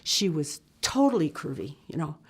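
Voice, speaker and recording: A woman's voice: low-pitched, normal speed, vocal fry, husky. Chatty older woman telling a story. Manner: animated, acts out quoted voices; chatty, many fillers and restarts. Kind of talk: personal travel storytelling.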